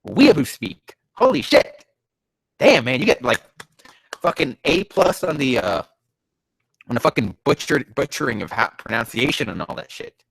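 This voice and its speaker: Gravelly man ranting sarcastically. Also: mid-range voice, very animated, moderate pace, no echo. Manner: sarcastic, profane, exasperated, erupting into yells. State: stuffy nose from allergies. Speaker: fanfiction reader and commentator. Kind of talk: ranting comedic commentary.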